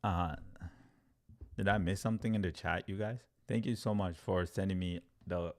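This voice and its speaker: A man teaching crypto trading on a livestream, talking in an animated, story-driven way with lots of fillers. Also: low voice, normal speed. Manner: animated storyteller, acts out quotes, filler-heavy "like". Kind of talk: livestream talk to viewers.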